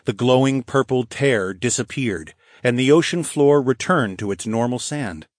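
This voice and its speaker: Male audiobook narrator, mid pitch, even first-person reading, dead-dry studio sound. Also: moderate pace, no echo.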